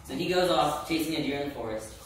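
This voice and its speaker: A man's voice: fairly high pitch, fast talker. A young man casually retelling a story live to a student audience, chatty and loose, often tagging his lines with "right?" and restarting his sentences. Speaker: storyteller at a student festival event. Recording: echoey room, distant mic, background noise.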